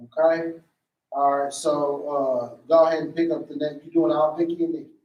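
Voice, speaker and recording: A man runs a play rehearsal, calling out blocking and jumping into the characters' lines with animated energy. His voice sits high for a man. He is recorded from a distance in a room that echoes around him. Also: moderate pace, dull audio. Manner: animated, acts out lines in a higher voice. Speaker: stage play director. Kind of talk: directing a rehearsal, giving blocking notes. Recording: echoey room, voice away from the mic.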